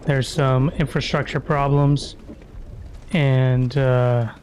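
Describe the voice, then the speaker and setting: A man's voice: mid-range voice, level tone, slow, a little mellow, a little hiss or hum. A man giving casual, crude and profane commentary while streaming a video game. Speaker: gaming streamer.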